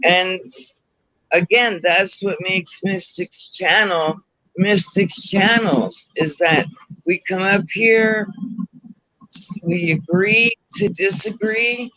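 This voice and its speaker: A man co-hosting a livestream discussion who speaks in a calm, mediating, hesitant way. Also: high voice, takes it slowly, dry recording, poor audio. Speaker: co-host.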